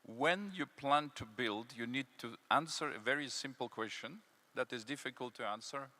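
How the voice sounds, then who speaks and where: A man gives an emphatic conference panel talk, leaning on key words and filling pauses with "um" and "uh". His voice is bright and forceful, at a middle pitch for a man. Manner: emphatic, repeats key words, many fillers. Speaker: panelist, city development consultant. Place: conference hall.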